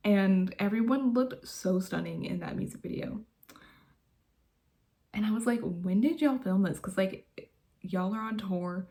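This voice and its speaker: A woman vlogger with a lowish, darkish voice chats casually from her bedroom, gushing and laughing often as she talks.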